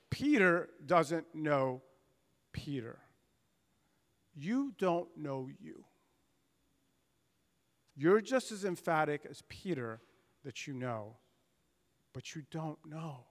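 An American pastor preaches in a church sanctuary, his slightly high, sing-song voice moving slowly with long pauses and a fairly bright tone. His delivery is earnest and emphatic, swelling at key moments as he dramatizes the voices of scripture figures. The long reverb of the church hall carries through the recording.

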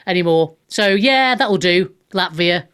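A woman's voice: on the low side, lively intonation, measured pace, fairly bright tone, smooth. A woman hosting a live radio talk show, chatting frankly with callers and reading the chat, with frequent restarts and blunt language.

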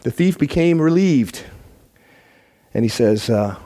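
Earnest male church teacher, emphatic sermon delivery, warm tone. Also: medium pitch, expressive, slow.

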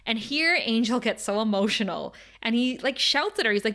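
Woman podcaster recapping a show, reads out all the quotes, laughs a lot, casual and animated. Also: a little high, fairly quick. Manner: animated, retells scenes by reading quotes aloud, laughs often. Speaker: podcast co-host recapping a TV episode. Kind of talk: casual chat, reading out scene dialogue.

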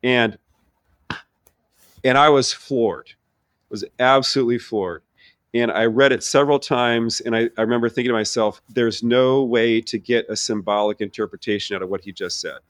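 A middle-aged man, a theology professor, telling his personal faith story in an earnest, animated way with many restarts. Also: medium pitch, moderate pace, no echo. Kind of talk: conversational personal testimony.

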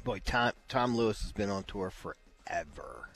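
A man's voice: on the low side, animated, a little slow, vocal fry, fairly bright tone, faint music behind. A man co-hosting a casual talk show, telling a story with frequent restarts and fillers. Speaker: co-host. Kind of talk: casual golf chat.

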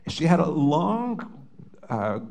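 A man's voice: a little high, very animated, slow, vocal fry, darkish tone. A middle-aged man from Canada recounting a personal family story with earnest emotion, often hesitating and restarting. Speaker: father telling his story. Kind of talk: personal testimony.

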